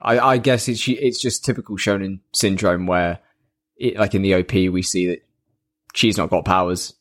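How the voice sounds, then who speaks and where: A man with a fairly low voice, chatting on a podcast in a relaxed, enthusiastic way as he recaps scenes. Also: normal speed. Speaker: podcast co-host. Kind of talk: casual chat.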